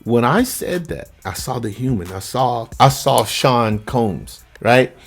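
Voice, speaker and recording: A man, a vocal coach, telling a story to his viewers in a relaxed, conversational way and acting out what others said. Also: mid-range voice, takes it slowly, soft background music. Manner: lively anecdote telling, acts out the other people's lines; relaxed, conversational, with frequent fillers. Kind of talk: casual storytelling to camera.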